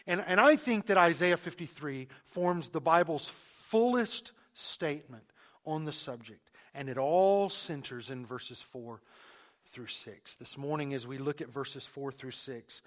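A man's voice: fairly high pitch, unhurried, fairly bright tone. A man preaching a sermon as pastor, emphatic, repeating phrases and restarting mid-sentence.

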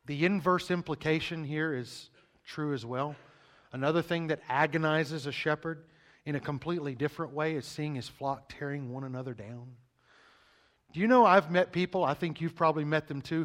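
Emphatic high-voiced male pastor preaching. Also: normal speed, fairly bright tone. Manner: emphatic, repeats words when speeding up. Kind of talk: sermon.

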